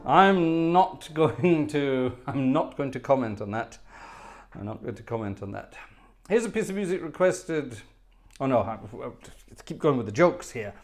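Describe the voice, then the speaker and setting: Scottish-born guy hosting a livestream, rambly storyteller, average pitch. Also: expressive, moderate pace. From Scotland. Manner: chatty anecdotal storyteller, reads out comments. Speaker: livestream host and organist. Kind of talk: casual chat with viewers.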